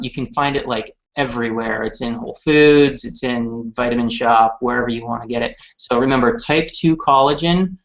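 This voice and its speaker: A man in his thirties chatting casually and upbeat about products as a company representative on a live show, with many fillers. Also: mid-range voice. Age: 30s. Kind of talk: live-streamed product chat. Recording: dull lo-fi stream audio.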